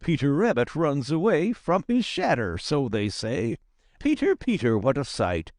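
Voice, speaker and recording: A man's voice: a little high, huge pitch swings, measured pace, darkish tone, dry recording, studio quality, heavily acted. A man voicing a playful, mocking male raccoon who taunts in a sing-song way in a storybook reading. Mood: taunting.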